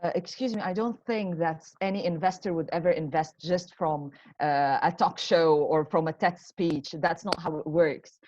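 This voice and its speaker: A woman's voice: on the low side, normal speed, few pauses, mellow. A woman answering in a competitive debate over a video call, speaking earnestly with casual fillers. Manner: earnest, uses fillers like "like" and "I don't know". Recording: dull lo-fi call audio with faint noise.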